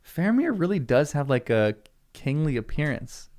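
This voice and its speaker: An American man reads a fantasy novel aloud for his channel, pausing for casual commentary where he muses out loud and laughs often. His voice is a little high and very animated, at a moderate pace. It's a chatty read-along.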